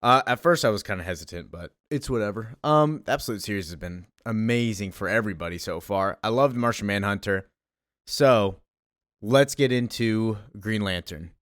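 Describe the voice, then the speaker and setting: A man's voice: fairly low pitch, normal speed, fairly bright tone, no echo, clean studio sound. A man hosting a casual comic book recap in a chatty way, with lots of fillers. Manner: chatty, full of fillers and laughs.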